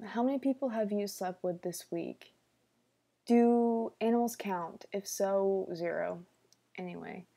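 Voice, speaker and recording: A young woman hosts a casual livestream Q&A in a warm, gravelly, mid-range voice. She's playful and jokey, slipping into whispered asides.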